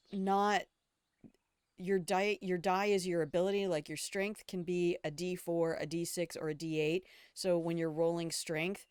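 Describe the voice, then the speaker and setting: An older woman chatting through a game stream in a smooth, fairly low voice, wry and talkative. She reads dialogue aloud and riffs on it between lines. The recording is close and dry. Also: a little mellow, no room sound. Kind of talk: casual gameplay commentary.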